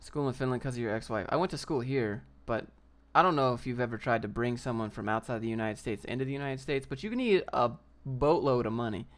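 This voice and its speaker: A man's voice: medium pitch, fast, hardly any pauses, a bit bright. A young man hosting a casual livestream, ranting in a brash, slangy way and reading out viewer comments. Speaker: livestream host.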